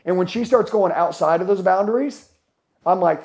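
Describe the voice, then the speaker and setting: Fired-up swearing motivational speaker, gravelly man. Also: high voice, brisk, darkish tone. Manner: blunt, swearing, fired-up, asks the crowd questions. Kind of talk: profane motivational speech to a live audience. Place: conference hall with a live audience.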